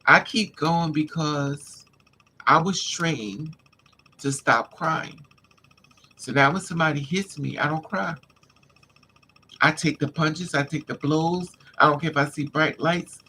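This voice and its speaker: A man's voice: on the high side, slow pace, long pauses, bright, forceful tone, a little hiss or hum. A man livestreaming, telling a candid personal story in an emphatic, casual way and calling his listeners honey and child. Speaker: livestream host.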